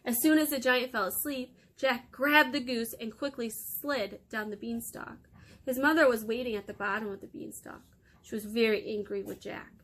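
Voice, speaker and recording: Bright, lively storytime woman. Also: on the high side, moderate pace. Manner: lively, expressive read-aloud. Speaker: children's storytime host. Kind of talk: reading a storybook aloud to children.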